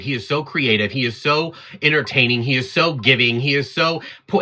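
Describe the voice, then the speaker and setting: Guy going off on his livestream, bright sharp voice, heated and defiant at the chat. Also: fairly high pitch. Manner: defiant, fired up, talks straight at the chat. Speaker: livestream host.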